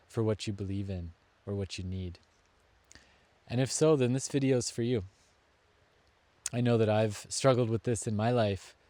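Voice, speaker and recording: Warm-voiced man giving an earnest self-help talk. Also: on the low side. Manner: earnest, deliberate, leans on key words. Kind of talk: reflective motivational talk to camera.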